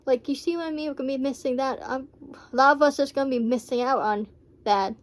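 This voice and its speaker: A woman's voice: high-pitched, fast talker. A woman vlogger rambling heartfelt reaction commentary, full of fillers.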